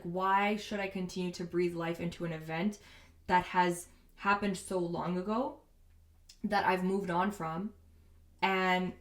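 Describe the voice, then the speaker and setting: Female host, lower-pitched, casual and candid self-help delivery, echoey room. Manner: casual and candid, frequent "like" and "you know". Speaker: podcast host. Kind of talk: reflective self-help talk.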